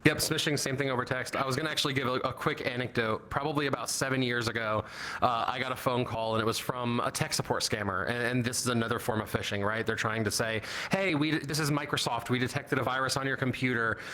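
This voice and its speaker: Bright-voiced man telling a panel anecdote. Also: mid-range voice, steady tone, fast talker, low-quality recording. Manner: casual storyteller, laughs at own anecdote. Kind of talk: conference panel talk.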